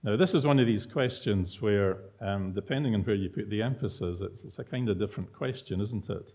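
Teacherly male preacher, lowish voice, quizzes the congregation. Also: fairly quick, few pauses, darkish tone, breathy edge. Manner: teacherly, asks the listeners rhetorical questions. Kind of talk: expository sermon.

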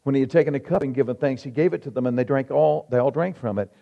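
A male pastor delivering a sermon, emphatic, with rhetorical questions and dramatic pauses. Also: mid-range voice, vocal fry. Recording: reverberant hall, dull lo-fi sound.

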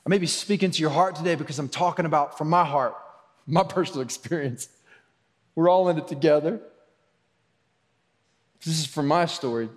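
A male pastor delivers a sermon in a casual, conversational way, dropping to quiet asides and then lifting his voice for emphasis. His voice sits a little high for a man. The sound carries a long reverb from a big church hall. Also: brisk, pauses often. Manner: conversational preaching, shifts between soft asides and raised emphasis.

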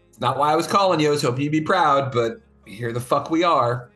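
A man chatting casually on a podcast, animated and swearing as he tells a personal story. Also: a little high, brisk, soft background music. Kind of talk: casual chat.

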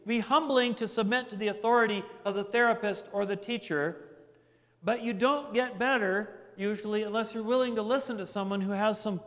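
This middle-aged pastor's voice sits high, fairly quick and a bit bright, as he delivers a conversational sermon. Anecdotes and repeated words build each point, echoing with long hall reverb.

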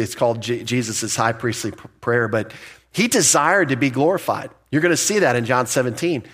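A middle-aged pastor works verse by verse through scripture, conversational yet emphatic, dropping in asides and quickly correcting himself. His voice is mid-range and fairly bright.

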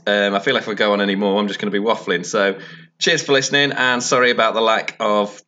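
Bright man on a dull laptop mic. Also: on the low side, fairly even intonation, fast talker, a little hiss or hum. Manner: rambling and apologetic, many fillers, mild swearing. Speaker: podcast host and editor. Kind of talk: casual solo update. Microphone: laptop built-in mic.

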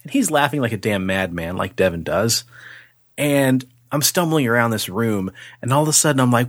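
A man co-hosting a podcast, telling a spooky story in a casual, animated way, swearing freely and acting out the voices. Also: mid-range voice, moderate pace, dry recording, clean studio sound.

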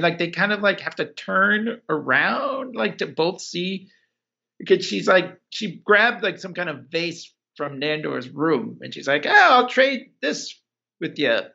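Gravelly bright-voiced man, rambling chat. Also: a little high, highs cut off. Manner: rambling, many "like"s, acts out characters. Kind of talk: casual podcast recap chat.

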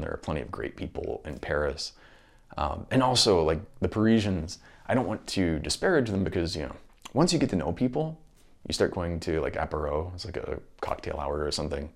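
A man's voice: low voice, expressive, fairly quick, gravelly. A man talking through his thoughts in a casual monologue, rambling and restarting often.

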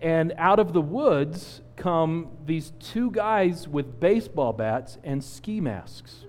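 A man in his forties preaching a sermon, telling a personal story with lively acted-out quotes. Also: a little high, slow, long reverb tail. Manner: animated storyteller, acts out quotes. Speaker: pastor.

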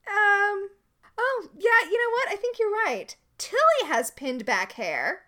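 A woman's voice: very high-pitched, takes it slowly. A woman co-hosting a podcast, chatting casually and sarcastically as she recaps a TV episode. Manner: sarcastic, animated. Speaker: podcast co-host.

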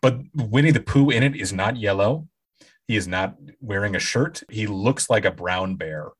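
A man's voice: lowish voice, moderate pace, husky. A man co-hosting a podcast in casual chat, steadily laying out facts and dates. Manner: steady, informative, lays out facts. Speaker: podcast co-host.

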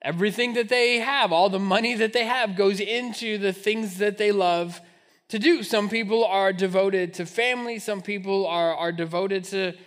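A man in his thirties preaching a sermon to his church, telling a personal story with animated, self-mocking humor. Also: high voice, normal speed. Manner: storytelling, animated, laughing at himself. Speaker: pastor. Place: church sanctuary.

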